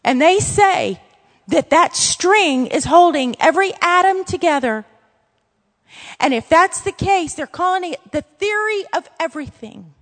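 A woman with a Louisiana accent teaching a Bible lesson, earnest and emphatic, with quick asides to herself. Her voice sits high. It rings out with a long reverb, as if in a large hall. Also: lively intonation, fairly bright tone.

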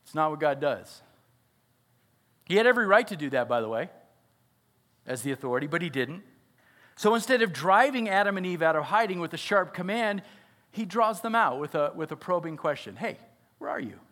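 A man's voice: fairly high pitch, animated, fairly quick, long pauses, a bit bright. A father and pastor preaching a sermon, earnest and often asking his listeners questions. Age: adult father. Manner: earnest, asks the audience questions.

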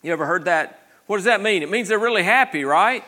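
A pastor preaches in a high-pitched, bright, forceful voice, expressive and a little fast. His delivery is conversational, with frequent restarts and repeated words, and he keeps asking the congregation to respond.

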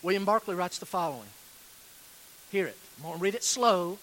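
Earnest high-voiced male preacher. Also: expressive, fairly bright tone, a little hiss or hum, poor audio. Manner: earnest, pleading, emphatic with slow stressed phrases. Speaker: pastor. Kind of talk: sermon.

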